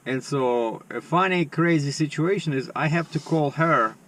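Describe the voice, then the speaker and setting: A man's voice: a little high, normal speed, a bit bright, far from the mic. A man, casually telling a personal story with many "you know"s. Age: 50s. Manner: chatty, lots of "you know" and "right". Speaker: vlogger.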